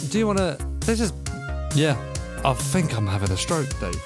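A man's voice: a little high, sing-song, normal speed, over music. Joking man on a podcast. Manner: joking, swears freely, often laughing. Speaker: podcast co-host. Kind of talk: casual banter.

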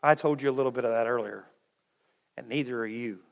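A middle-aged man preaching a sermon, swinging between loud urging and hushed, tender lines. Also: mid-range voice, fast, creaky, lo-fi sound. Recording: long hall reverb.

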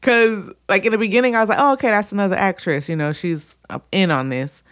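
A woman co-hosting a casual podcast chat, telling a story with lively, laughing energy. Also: medium pitch, fast. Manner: animated storyteller, acts out quotes with laughs. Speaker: podcast co-host.

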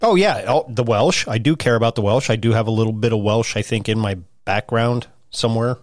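A man's voice: medium pitch, brisk, no room sound, studio quality. A man co-hosting a podcast in casual chat, swearing freely and laughing often. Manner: profane, laughing, animated. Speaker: podcast co-host.

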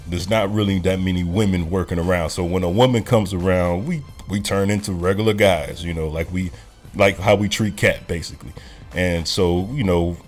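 A man hosting a casual podcast, telling a loose, profane story. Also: low voice. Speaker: podcast host.

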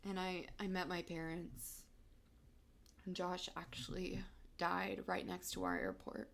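A young woman in her twenties telling a personal story of loss, halting and fighting back tears. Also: on the low side, big pitch swings, gravelly.

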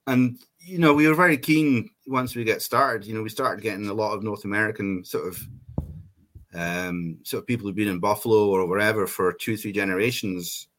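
A man's voice: lowish voice, moderate pace, a bit bright. A man from Scotland, a fan group organiser explaining in a casual interview.

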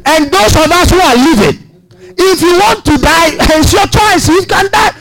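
A man's voice: normal speed, vocal fry, rough recording. A man preaching a sermon, emphatic, often asking the congregation questions. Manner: emphatic, asks the congregation questions, big swings in pitch.

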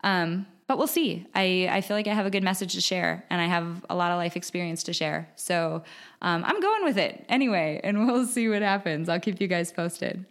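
A woman's voice: lowish voice, animated, moderate pace. Chatty woman hosting a podcast. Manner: chatty, enthusiastic, filler-heavy. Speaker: podcast host. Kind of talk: casual solo podcast talk. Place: home.

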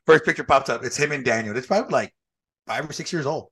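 A middle-aged man chatting as a podcast guest, telling stories with lots of laughter and quick imitations of the people in them. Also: medium pitch, slightly rough. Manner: animated storyteller who acts out other people's voices and laughs often. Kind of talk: casual chat.

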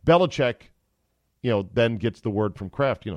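A man's voice: medium pitch, animated, fairly quick, a little mellow, dry recording. A middle-aged man hosting a sports podcast, delivering an opinionated, jokey monologue. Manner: opinionated, jokey, acts out quotes.

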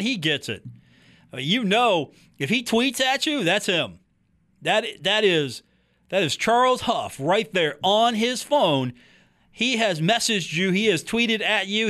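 A man's voice: sits high, fairly bright tone. A man hosting a sports podcast from a talk booth, chatting casually and animatedly about a college football coach and teasing his co-host.

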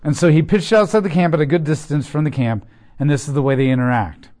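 A man's voice: a little high, fast, a little mellow. A man giving a conversational Bible teaching, explaining the text plainly with casual asides and rhetorical questions.

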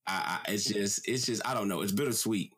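A man's voice: on the low side, fairly quick, fairly bright tone, breathy edge. A young adult man co-hosting a casual podcast chat, rambling loosely with lots of fillers and cussing. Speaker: podcast co-host.

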